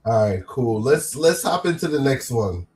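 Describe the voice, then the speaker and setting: A man's voice: mid-range voice, expressive, normal speed, darkish tone. A man hosting a podcast in casual chat, loose and slangy with many false starts. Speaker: podcast host.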